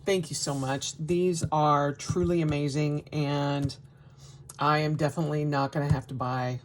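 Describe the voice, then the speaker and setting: Gushing slow-talking woman. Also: low-pitched. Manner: gushing, excitable, many gasps and exclamations. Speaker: crafting vlogger. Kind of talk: casual unboxing vlog.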